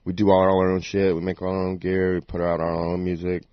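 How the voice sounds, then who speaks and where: A man with a very low voice, the DJ guest on a podcast, telling stories in a relaxed, slangy way. The sound is dry and muffled, like a lo-fi home recording. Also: brisk, clean tone, dry recording. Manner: laid-back slangy storytelling. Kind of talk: casual interview talk.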